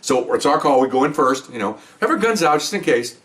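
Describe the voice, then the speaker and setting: A man's voice: fairly quick, recorded from a distance. An older man, a retired police veteran, casually telling stories from the job and acting out the voices in them. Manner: animated, acts out quoted dialogue with higher pitch. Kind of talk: casual storytelling to camera.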